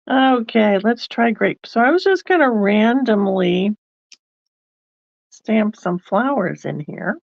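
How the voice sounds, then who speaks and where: A woman's voice: fairly high pitch, animated, slow, creaky, long pauses, no echo, muffled recording. A woman hosting a card-making video, chatting casually and thinking aloud as she works. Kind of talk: casual crafting demonstration.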